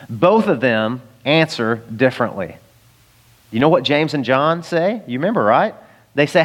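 A man's voice: medium pitch, animated, moderate pace, long reverb tail. A man preaching a sermon in a conversational way, acting out the voices of the people he quotes. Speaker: pastor.

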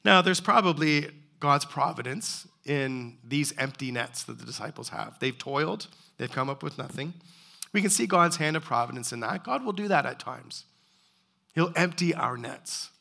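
Gravelly, bright-voiced male preacher. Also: a little high, lively intonation, moderate pace. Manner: earnest, pleading preaching with repeated rhetorical questions. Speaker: pastor. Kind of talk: sermon.

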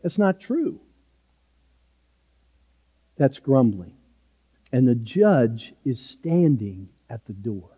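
Slow, mellow-voiced preacher in a reverberant hall. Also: male voice, mid-range voice, very animated, husky. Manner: earnest, emphatic preaching with repeated short phrases. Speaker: pastor. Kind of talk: sermon.

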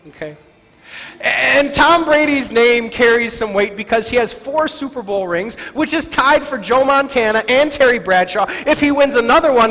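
A man's voice: very high-pitched, a bit bright. A male pastor giving a sermon in a conversational way, often asking the congregation "right?" and laughing lightly, in a church hall. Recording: reverberant hall with faint music.

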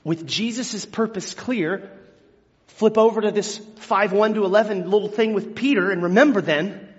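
A man preaching a sermon, animated, acting out biblical quotes with big swings from hushed tones to shouting. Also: very high-pitched. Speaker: pastor. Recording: dull sound with long hall reverb.

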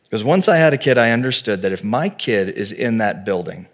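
A man's voice: fairly low pitch, animated, a little fast. Earnest conversational male pastor preaching. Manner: conversational and earnest, with vivid storytelling asides. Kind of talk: sermon.

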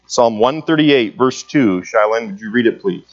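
A man's voice: mid-range voice, normal speed, dull audio. Man teaching a church Bible class. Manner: conversational, many "uh" fillers, asks the class questions. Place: church meeting room.

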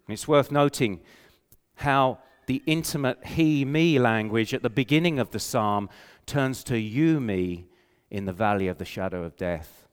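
An older man preaching a sermon with earnest conviction, slowing and softening when he quotes scripture. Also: mid-range voice, clean tone. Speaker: pastor. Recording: reverberant hall.

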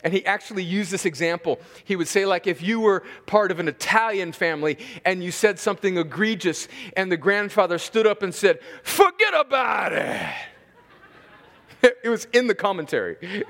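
A man preaching an expository sermon as a pastor, slowing down to stress key words and chuckling between points. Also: high-pitched, a bit bright. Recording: long reverb of a large hall.

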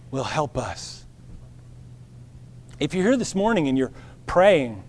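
A man preaching a sermon to a congregation, earnest and measured, with dramatic pauses that slow down key words. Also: fairly high pitch. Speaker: pastor.

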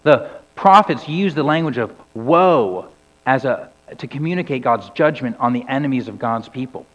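A man preaching a sermon. His delivery sinks low and soft on key words and climbs to loud cries when he quotes scripture. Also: animated, normal speed. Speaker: pastor. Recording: dull recording with long hall reverb.

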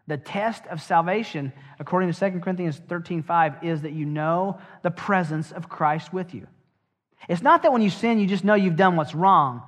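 A middle-aged man preaching a sermon as a pastor. He asks the congregation direct questions and drops wry, joking asides. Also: fairly high pitch. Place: church sanctuary. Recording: dull, long church reverb.

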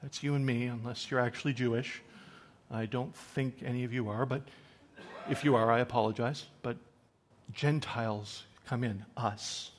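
A man preaching a sermon, swinging from loud, emphatic scripture reading to quiet, conversational asides to the congregation. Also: medium pitch, fairly even intonation, normal speed. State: choked up with emotion.

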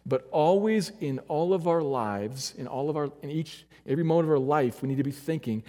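Male preacher, slightly high voice, emphatic and earnest; long church-hall reverb. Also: brisk, hardly any pauses. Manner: earnest, emphatic, swings between loud urging and quiet low stretches. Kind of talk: sermon.

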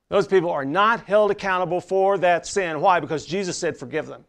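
A man's voice: sits high, a little fast, gravelly, hardly any pauses, fairly bright tone. A man preaching a sermon in a dramatic way, sometimes dropping to near whispers for emphasis. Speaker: pastor.

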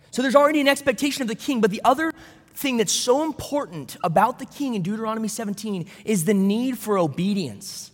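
A man's voice: sits high, expressive, quick pace, in a large hall. A man pastor preaching a sermon in a conversational way, with storytelling asides.

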